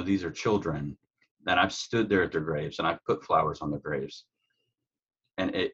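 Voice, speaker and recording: Deep husky man, earnest. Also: fairly bright tone, muffled recording. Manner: earnest, heartfelt. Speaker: guest, true crime YouTuber. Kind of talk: conversational interview.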